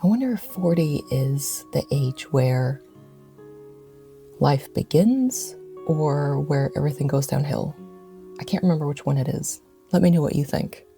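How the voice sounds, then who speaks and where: American woman, about forty, casual vlog host; low, gravelly voice, playful and self-mocking. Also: expressive, measured pace, dark tone, faint music behind. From United States. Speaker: vlogger host. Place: outdoors by the sea.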